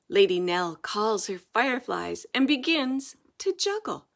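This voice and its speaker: An older woman reading a children's storybook aloud, expressive, often dropping into hushed whispers for suspense. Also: medium pitch, measured pace, gravelly, few pauses. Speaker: storybook reader.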